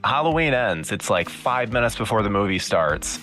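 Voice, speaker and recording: A man's voice: fairly low pitch, moderate pace, fairly bright tone. A man in casual chat, ranting bluntly and swearing freely. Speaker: podcast guest.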